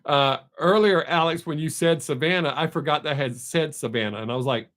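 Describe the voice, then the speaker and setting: A little fast and a bit bright, a middle-aged man's somewhat high voice carries a casual live-stream chat. He rambles loosely with viewers, swearing and frequently beginning again.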